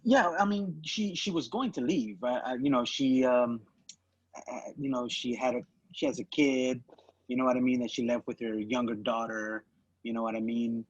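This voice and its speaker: A man's voice: medium pitch, fairly even intonation, moderate pace, slightly rough, no echo, muffled recording. A man co-hosting a podcast, telling a rambling story in casual chat, with lots of "you know" and "right?". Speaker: podcast co-host.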